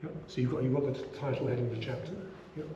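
A middle-aged man leading a relaxed scripture class, chatty, with many asides and repeated "you know"s. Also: medium pitch, rapid-fire, highs cut off. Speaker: scripture teacher. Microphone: small action camera. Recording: roomy room, faint background hum.

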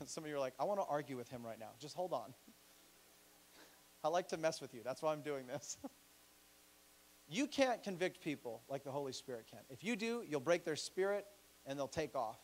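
A male pastor preaching a sermon in a church, animated and joking, acting out the voices he quotes. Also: on the high side, moderate pace, long pauses, slight background noise.

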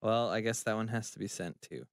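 A man's voice: fairly low pitch, a little fast, no echo, studio quality. A man in a casual live radio chat, laid-back and laughing a lot. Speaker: band member guest.

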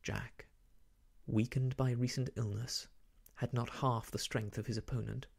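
A man narrates an old novel in a soft ASMR hush, his delivery unhurried and drawn out. His low tones carry a gravelly rasp and an airy, husky texture. He sits close to the microphone, many phrases slipping into a near-whisper. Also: steady tone. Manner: hushed, half-whispered reading. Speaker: storyteller.

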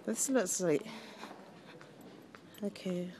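Drawing out her words in a lowish voice, a young adult woman vlogs on her phone as she moves through a busy church. She's a student reporter with a casual, self-deprecating manner. The background is noisy with a crowd of visitors.

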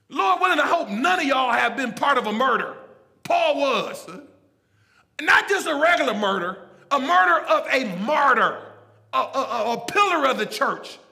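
A man preaching a sermon in a church, animated and folksy, calling out to the congregation and swinging between shouts and low asides. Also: vocal fry, big-room sound. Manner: casual, folksy phrasing. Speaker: pastor. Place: church sanctuary.

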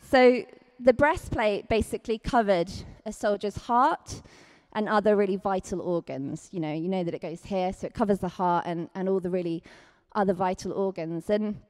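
A woman with a Scottish accent preaching a chatty, lively sermon, acting out quotes with big leaps in pitch. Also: normal speed, few pauses.

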